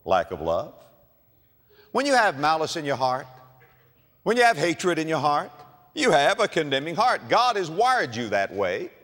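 Animated preacher in a reverberant hall. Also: male voice, on the high side, unhurried, long pauses. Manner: storytelling, swinging from quiet asides to loud exclamations. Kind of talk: sermon. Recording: long reverb of a large hall.

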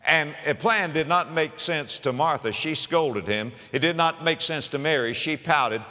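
Male preacher, bright and forceful tone, big dynamic swings, long hall reverb. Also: a little high, measured pace. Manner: dramatic swings from hushed to shouting, repeats phrases. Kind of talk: sermon.

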